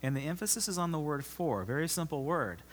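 A man preaching a sermon as pastor, emphatic, often repeating himself and swinging from loud to soft. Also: fairly high pitch, expressive, fast talker, a little hiss or hum. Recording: long reverb of a large hall.

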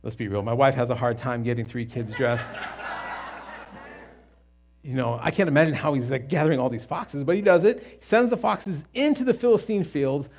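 A man teaching a Bible story in a casual, animated and jokey way, with quick asides and restarts. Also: mid-range voice.

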